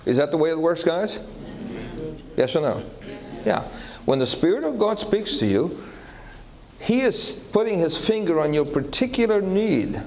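Animated male preacher telling a story. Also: fairly high pitch, unhurried, poor audio. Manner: animated, asks the audience questions. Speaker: pastor. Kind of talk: sermon with storytelling.

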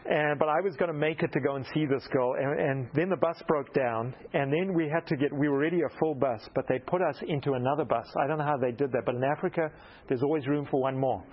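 A man preaching a storytelling sermon, animated and self-mocking, acting out the dialogue in his story. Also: on the high side, quick pace, highs cut off, slight background noise.

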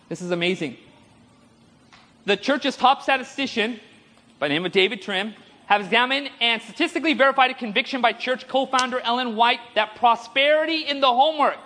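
A man preacher telling stories in a sermon and calling for amens from the congregation. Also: very high voice. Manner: storytelling, animated, asks audience for amens. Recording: long hall reverb.

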